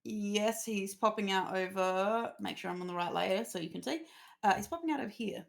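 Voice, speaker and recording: A woman's voice: mid-range voice, moderate pace, vocal fry. A woman running a tabletop game on a live stream, narrating the scene and chatting with players. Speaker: game master.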